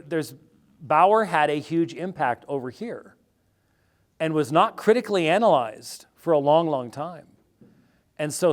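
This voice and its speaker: An American man, a theologian guest in an interview, talking in a wry, animated and digressive way. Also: a little high. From United States. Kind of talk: conversational interview answer.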